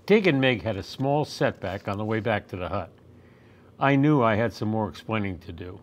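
A man reading a children's picture book aloud at storytime, with gentle, expressive storytelling. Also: fairly low pitch, normal speed. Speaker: storytime reader.

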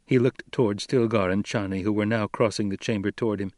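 A man reading scripted audiobook narration in a measured, even storytelling manner. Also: lowish voice, dry recording, studio quality.

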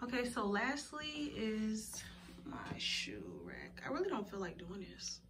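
A woman's voice: medium pitch, wildly swooping pitch, unhurried, a bit bright, slight background noise. A young woman vlogging casually from her bedroom, talking straight to her viewers in a slangy, chatty way. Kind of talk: casual chat to camera.

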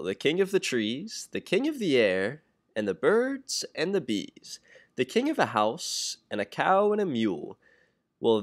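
A young college-age man reading a rhyming children's storybook aloud in an expressive, sing-song way. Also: medium pitch. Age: young adult. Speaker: children's book reader.

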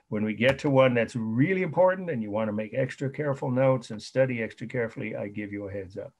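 Gravelly-voiced man giving a lecture. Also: medium pitch, a little hiss or hum. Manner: spells out terms letter by letter, repeats key points. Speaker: art history lecturer. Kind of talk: online lecture.

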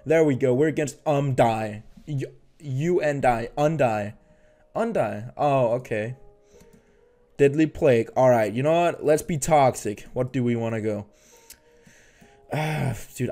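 A young man talks over his own game session in a loose, unscripted way, cursing and stuttering as things go wrong. His pitch sits in an ordinary middle range. Quiet game music plays underneath. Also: a little slow. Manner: frustrated, rambling, swears and stutters. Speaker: gaming YouTuber. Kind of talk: casual gameplay commentary.

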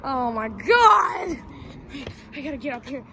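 A woman's voice: high voice, sing-song, measured pace, gravelly, very noisy, heavily acted. A woman voicing a jittery male purple pirate fox in a game role-play, whiny, exasperated and out of breath. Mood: panicked.

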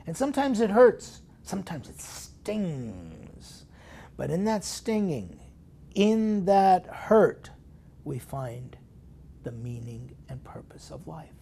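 Gravelly, mellow-voiced priest preaching. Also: male voice, a little high, sing-song, slow pace. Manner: emphatic, swinging between loud stresses and hushed whispered asides; talks straight to listeners with rhetorical questions. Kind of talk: sermon meditation broadcast.

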